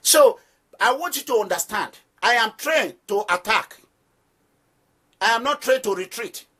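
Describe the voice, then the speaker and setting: A man with a Nigerian accent speaks in a high, forceful voice with a tense edge. He delivers declamatory political commentary to his followers and hammers points home by repeating them. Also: expressive, a little slow. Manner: declamatory, emphatic, repeats phrases for stress; preaching address to listeners. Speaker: activist movement leader. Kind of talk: direct-address political commentary.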